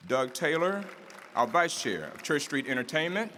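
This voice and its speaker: A man's voice: a little high, expressive, moderate pace, sharp tone, a little hiss or hum. Man emceeing in a reverberant hall. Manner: rousing oratorical build-up, rhythmic repetition. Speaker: master of ceremonies at a civic address. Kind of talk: formal ceremonial introductions. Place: large event hall with audience. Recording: reverberant hall, faint room ambience.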